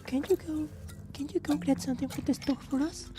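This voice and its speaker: A man voicing a needy, pleading young woman in a game, with a raised falsetto. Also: fairly even intonation, a little fast, over music.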